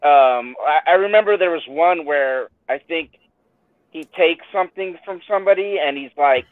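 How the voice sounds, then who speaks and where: A man from the San Francisco Bay Area co-hosting a podcast, chatting in a relaxed way and fondly recalling things. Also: a little high, moderate pace, no echo. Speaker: podcast co-host. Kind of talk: casual chat. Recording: tinny phone-like line, dry.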